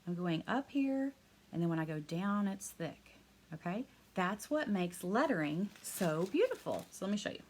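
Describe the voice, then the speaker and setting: A woman teaching a live hand-lettering class online. She talks fast and excitedly, chatty and encouraging, and laughs often. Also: mid-range voice, slight background noise. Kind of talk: live online craft lesson.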